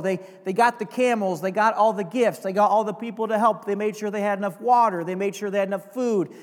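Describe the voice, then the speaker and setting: A man preaching a sermon, building to emphatic runs and dropping to quiet confessional asides, and reading scripture aloud. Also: sits high. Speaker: pastor. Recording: long hall reverb.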